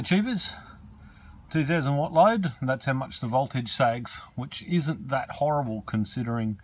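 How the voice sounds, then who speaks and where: A man's voice: mid-range voice, darkish tone. Chatty man showing off batteries. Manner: chatty, offhand, reading out meter values. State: out of breath. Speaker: DIY battery vlogger. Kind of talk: casual video demonstration.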